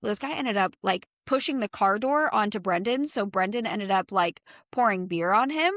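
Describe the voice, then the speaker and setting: A young woman co-hosts a podcast for real estate agents, talking in an animated, casual and profane way. Her voice sits at an ordinary middle pitch and is recorded very dry, with no room around it. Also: normal speed, no echo.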